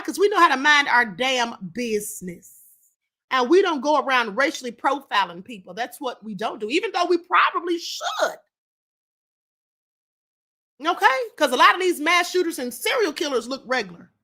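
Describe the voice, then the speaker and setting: A woman's voice: sits high, bright, forceful tone. A woman hosting a live-stream commentary show, talking bluntly and emphatically, repeating her points and speaking straight to her chat. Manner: addresses the chat directly. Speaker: livestream show host.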